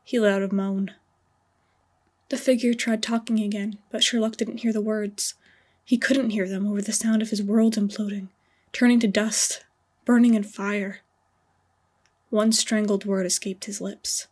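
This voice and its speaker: A woman reading her own fanfiction aloud in a hushed, dramatic audiobook narration. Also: mid-range voice, level tone, a little slow, pauses often.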